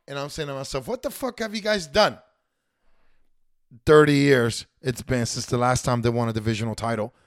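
Animated, profane man hosting a fantasy league. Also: fairly high pitch. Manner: animated, swears a lot, sarcastic rants. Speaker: fantasy football league host. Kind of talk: casual profane sports commentary.

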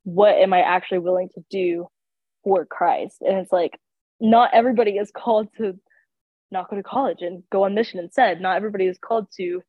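Talking a little fast in a steady, mid-range voice, a young woman co-hosting a casual faith podcast sounds congested and sick. She rambles with many fillers, recorded dry with a tinny, phone-like tone.

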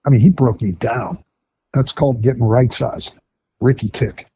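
A man's voice: mid-range voice, steady tone, normal speed, darkish tone, slightly rough. Blunt middle-aged man telling a gritty story. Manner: blunt, frank storytelling with frequent fillers and restarts. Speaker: guest, retired firefighter. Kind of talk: candid personal recovery story in conversation. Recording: dull lo-fi podcast audio with faint noise.

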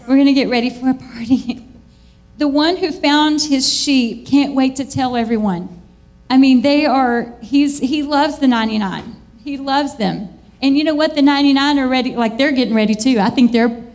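A woman preaching a lively church sermon, chatty and animated, laughing often and jumping into high excited squeals. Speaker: church speaker.

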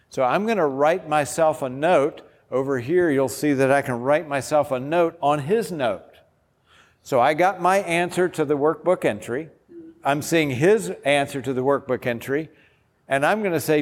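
Enthusiastic pastor in an echoey hall. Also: male voice, on the high side, moderate pace. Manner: enthusiastic, informal, demonstrating step by step. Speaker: pastor presenting a discipleship app. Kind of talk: workshop presentation. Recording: long hall reverb.

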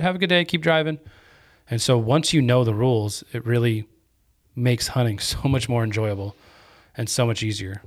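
A man hosting a podcast and telling a story in an energetic, chatty way. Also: mid-range voice. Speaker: podcast host. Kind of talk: casual storytelling chat.

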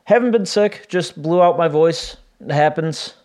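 Solo podcast host, forties, man, raspy from laryngitis, slightly high voice, chatty and meandering. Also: unhurried, darkish tone. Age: 40s. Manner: rambling, self-deprecating, lots of fillers and restarts. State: voice a little raspy and weak after laryngitis. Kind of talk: casual solo podcast chat. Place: home.

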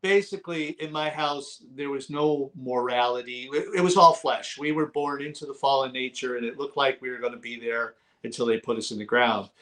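A middle-aged man being interviewed as a guest author, telling his conversion story with fervor and sometimes shouting as he relives it. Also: mid-range voice, fairly quick, hardly any pauses. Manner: fervent storyteller, bursts into shouting when reliving moments. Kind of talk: testimony in a talk-show interview.

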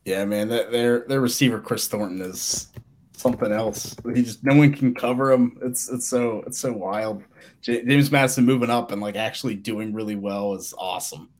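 A man co-hosting a sports podcast, talking quickly and eagerly in casual chat, often restarting his sentences. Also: lowish voice, darkish tone. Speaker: podcast co-host.

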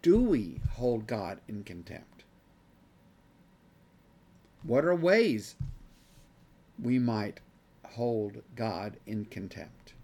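Gravelly man teaching a Bible class. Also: fairly low pitch, animated, very slow, long pauses, darkish tone. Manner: earnest, gets worked up. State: losing his voice. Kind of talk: Bible study lesson.

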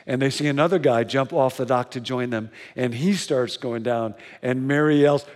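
A male pastor delivers a sermon in a storytelling manner, with earnest and deliberate repetition. His mid-pitched voice rings out with a long reverb through the church sanctuary. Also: darkish tone.

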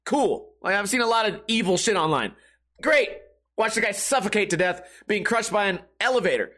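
A man's voice: high-pitched, fast, sharp tone. A man in his thirties in a profane, rambling monologue, swearing constantly and laughing between lines. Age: 30s.

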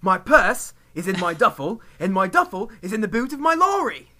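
A blustery British-accented bloke, pushed high and loud, overdone on purpose, as a man puts him on. The voice sits well above his normal pitch and comes out bright and forceful. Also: sing-song, moderate pace, heavily acted. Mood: aggressive. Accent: put-on British. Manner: aggressive, overdone.

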